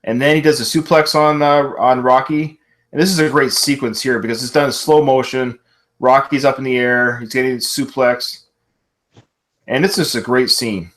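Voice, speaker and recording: A man's voice: mid-range voice, steady tone, moderate pace, fairly bright tone. Man casually recapping a film. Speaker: podcast host. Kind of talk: live podcast discussion.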